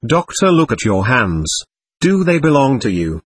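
A man reading the part of a calm, patient male doctor who explains things to a spirit, in a husky voice. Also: mid-range voice, moderate pace, no echo.

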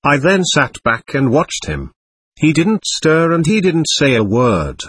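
A man in his twenties telling his own story in earnest, measured first-person narration. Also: a little high, big pitch swings, fairly bright tone, husky, no echo. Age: 20s.

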